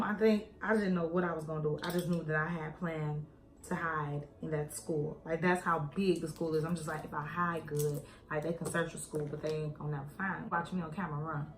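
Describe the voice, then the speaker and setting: A young woman casually telling a personal story to her viewers as she does her makeup, playing out other people's lines in voices. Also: sits low. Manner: animated, acts out quoted voices, addresses viewers as y'all. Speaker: beauty vlogger. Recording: echoey room with faint music.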